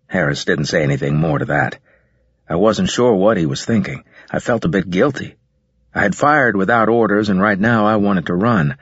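A man narrating a story in the first person with a steady, measured reading. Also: sits low, husky, dry recording, highs cut off. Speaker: audiobook narrator.

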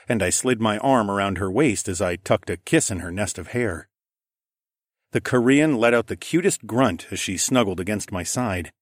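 A man narrating an audiobook in the first person, in a calm, even, low-key way. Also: no room sound, clean studio sound.

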